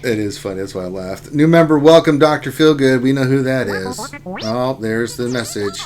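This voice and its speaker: A man hosting a casual gaming livestream, talking through his game, with loud exclamations and laughter. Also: mid-range voice, normal speed, over music. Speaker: livestream host.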